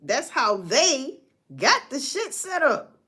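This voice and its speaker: A woman's voice: high-pitched, big pitch swings, slow, sharp tone. A woman hosting a casual livestream, giving blunt, profane commentary and talking straight to her viewers. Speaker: livestream host.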